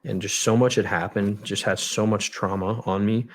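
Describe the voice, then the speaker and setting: A young man telling a story as a podcast guest, blunt and full of swearing, in a halting way. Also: on the low side, steady tone. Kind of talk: storytelling in a conversational interview. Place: podcast studio.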